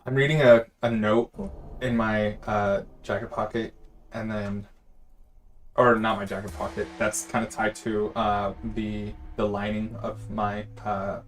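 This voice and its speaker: A man joking through his character's actions at a game table, hammy and playful. Soft background music runs under his voice. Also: fairly low pitch, level tone, a little slow. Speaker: player. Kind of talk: tabletop role-play.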